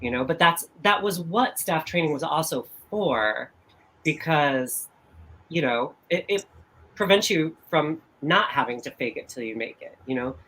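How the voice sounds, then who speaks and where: An interview host and hair colorist who speaks slowly, gives brief reactions and reads out shout-outs to viewers. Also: mid-range voice, lively intonation, poor audio. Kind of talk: livestream interview.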